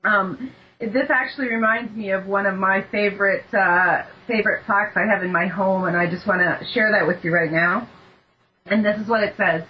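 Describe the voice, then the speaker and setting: A Canadian woman hosting an online talk show as a life coach, excited, a bit nervous and effusive. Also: medium pitch, normal speed, slight background noise. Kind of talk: casual online radio talk. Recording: dull lo-fi internet radio.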